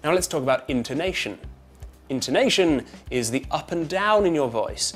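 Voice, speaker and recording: A British actor and voice coach explaining technique. He talks loudly and fast, with crisp consonants, a twangy tone and a lively rise and fall. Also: a little high, faint music behind. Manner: lively up-and-down intonation; fast talker. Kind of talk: instructional talk to camera.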